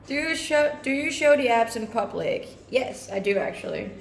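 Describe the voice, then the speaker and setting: A woman's voice: on the high side, slight background noise. Chatty Scandinavian-accented young woman streamer. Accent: mixed English accent with a Scandinavian tinge. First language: a Scandinavian language. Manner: chatty and upbeat, laughs often, lots of "like". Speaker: live streamer. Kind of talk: casual live-stream chat answering viewer comments. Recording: roomy echoing sound.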